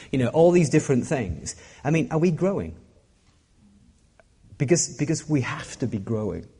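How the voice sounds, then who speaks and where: Animated joking pastor in an echoing hall. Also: male voice, medium pitch, husky. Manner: self-deprecating, joking, animated delivery. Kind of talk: sermon. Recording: long hall reverb.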